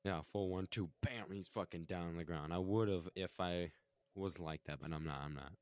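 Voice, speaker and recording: A man's voice: deep voice, steady tone, normal speed, a little mellow, smooth, dry recording. A man co-hosting a podcast, telling a heated story in casual chat, swearing constantly and acting out what others said.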